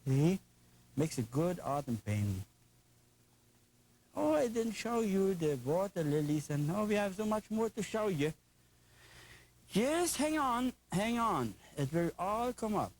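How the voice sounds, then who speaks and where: A man's voice: high voice, big pitch swings, a little slow, darkish tone, poor audio. An older man with a German accent, teaching a painting lesson in an enthusiastic, folksy, chatty way with playful asides. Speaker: painting instructor.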